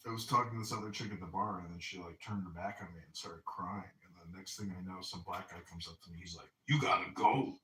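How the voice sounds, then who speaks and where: A man's voice: low voice, fairly even intonation, fast, few pauses, sharp tone. A man hosting a casual podcast, telling boastful rambling stories and laughing at his own jokes. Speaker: podcast host and political candidate. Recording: echoey room, distant mic, faint noise.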